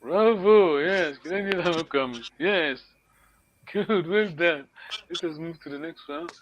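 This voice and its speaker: A man's voice: fairly high pitch, slow, lo-fi sound, noisy background. A man teaching a language class online, correcting students patiently and encouraging them.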